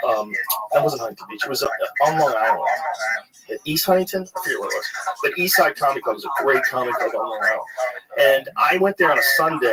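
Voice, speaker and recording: Rambling comedian telling stories, crowd behind. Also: male voice, medium pitch, low-quality recording. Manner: rambling, filler-heavy, swears freely. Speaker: stand-up comedian and podcast host. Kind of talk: casual storytelling chat.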